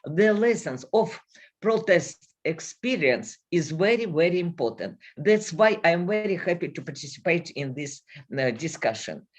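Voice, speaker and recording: A woman with a Russian accent speaking careful non-native English at a conference, pausing to search for words. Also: on the low side, big pitch swings. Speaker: researcher guest. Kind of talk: conference talk.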